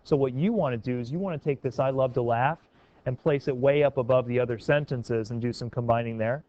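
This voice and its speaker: A man teaches a class in a medium-pitched, darkish voice, speaking fairly quickly. He's encouraging, calling on students by name and coaxing them to try sentence revisions. The audio is dull.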